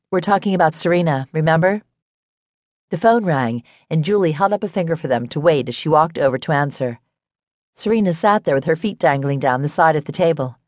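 A woman narrating a romance audiobook in an even, steady storytelling manner. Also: low voice, dry recording. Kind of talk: scripted narration.

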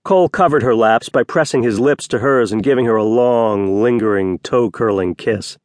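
A man's voice: moderate pace, dry recording. Male audiobook narrator, dry studio sound. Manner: voices each character with small pitch shifts. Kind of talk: scripted narration.

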